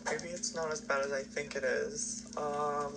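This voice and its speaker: A man's voice: on the high side, steady tone, measured pace, creaky, music in the background. A man commentating his game play in a theatrical way, exclaiming and panicking aloud. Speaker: game player. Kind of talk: dramatic gameplay commentary.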